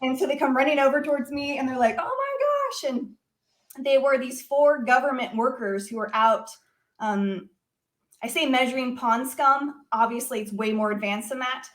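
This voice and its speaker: A woman speaks as a guest in conversation, recounting a personal story with lively, animated energy. Her voice sits a little higher than most women's, and she leans heavily on filler words as she goes. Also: moderate pace. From United States. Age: adult.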